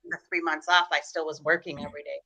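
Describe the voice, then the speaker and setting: Speaking quickly in a low, flat, bright voice with a forceful edge, this Chicago-accented woman is a guest on a live-streamed video call. She chats casually, wandering through stories full of fillers and false starts.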